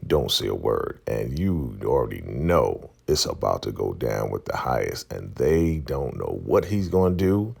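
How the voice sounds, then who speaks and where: A man giving a casual episode recap as a vlogger, retelling scenes with animated storytelling. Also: very deep voice, a little slow, creaky, hardly any pauses, breathy edge.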